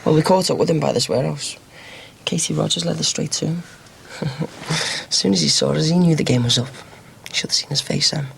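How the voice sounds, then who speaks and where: A man's voice: fairly high pitch, fairly quick, gravelly, fairly bright tone, a little hiss or hum. An actor playing a cocky, boastful young ex-con in a TV soap, telling his story. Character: cocky young ex-con man, brash braggart. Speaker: small-time criminal. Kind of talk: TV soap drama acting.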